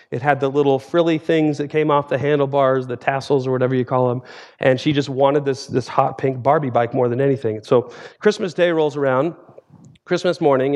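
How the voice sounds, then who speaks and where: A man in his forties, a theology professor preaching a sermon as guest speaker, telling stories in a lively way and acting out scenes. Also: medium pitch. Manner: lively storytelling, acts out scenes.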